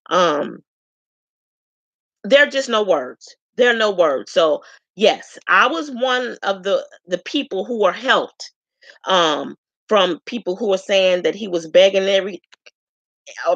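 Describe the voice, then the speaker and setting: A woman from Chicago giving a frank, chatty self-introduction to her viewers, pausing often with ums. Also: medium pitch, a bit bright, no room sound, muffled recording. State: tearful at times. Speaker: vlogger introducing herself. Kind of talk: casual self-introduction to camera.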